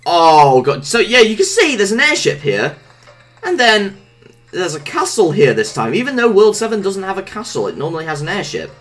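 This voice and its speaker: A woman giving gameplay commentary, exclaiming and reacting loudly to what happens in the game. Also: mid-range voice, big pitch swings, normal speed, soft background music. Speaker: let's play gamer.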